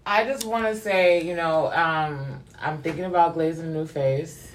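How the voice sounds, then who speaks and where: A woman's voice: deep voice, moderate pace, a crowd in the background. Blunt, laughing woman in casual chat. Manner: laughs often, blunt and frank. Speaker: podcast co-host.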